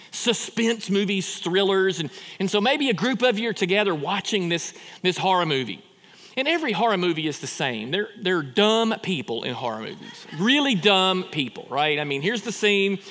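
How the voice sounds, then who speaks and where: Brief: male pastor, sermon, lively up-and-down delivery, reverberant hall. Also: fairly high pitch. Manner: animated, conversational preaching with rhetorical questions and repeated restarts.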